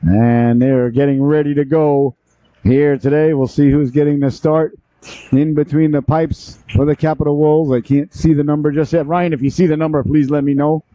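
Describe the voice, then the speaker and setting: A man's voice: fairly high pitch, fairly even intonation, normal speed, warm tone, dry recording. A man hosting a youth hockey broadcast, giving chatty, upbeat play-by-play commentary. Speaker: play-by-play host. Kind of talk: sports commentary. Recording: dull, lo-fi broadcast audio.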